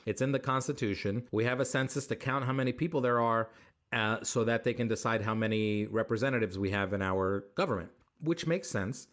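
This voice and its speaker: A comedian man answering interview questions with animated, joking stories, acting out bits of dialogue. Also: fairly low pitch, a little fast. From United States. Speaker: comedian guest.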